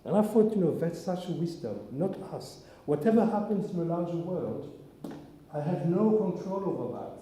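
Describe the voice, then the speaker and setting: A man's voice: a little high, expressive, a little fast, dark tone, slight background noise. A man, a rabbi, giving an informal sermon to his congregation in a synagogue, earnest and searching. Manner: earnest, searching, with frequent restarts. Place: synagogue hall. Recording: echoey hall, long reverb.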